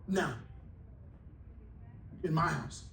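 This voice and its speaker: Male pastor, high voice, chatty and jokey sermon, echoey church room with faint noise. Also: very slow, fairly bright tone, distant mic. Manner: conversational, jokey preaching with acted-out quotes. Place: church hall.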